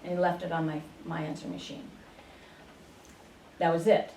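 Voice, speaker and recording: A woman being interviewed on a radio show, telling her story at an unhurried pace with many fillers and restarts. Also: low-pitched, flat delivery, mellow. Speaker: interview guest, spiritual channeler. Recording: roomy, distant radio studio sound with faint noise.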